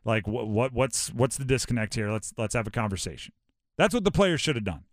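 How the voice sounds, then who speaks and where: A man from Hawaii hosting a sports talk show, animated and rhetorical, often acting out quotes. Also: medium pitch, a little fast, no room sound, studio quality.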